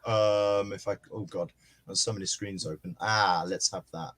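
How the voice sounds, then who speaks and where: A man's voice: deep voice, moderate pace. A man from northern England chatting casually with friends over a video call, laughing often. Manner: laughs often, lively storytelling. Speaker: podcast co-host. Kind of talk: casual chat.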